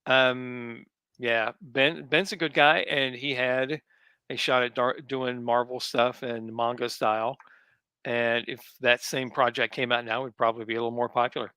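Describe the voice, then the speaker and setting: A man's voice: medium pitch, fairly even intonation, normal speed, pushed and bright, smooth, no room sound. A man, a comics writer, talking easily as a guest in a casual interview, thinking aloud as he goes. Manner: easygoing, thinks aloud with ums.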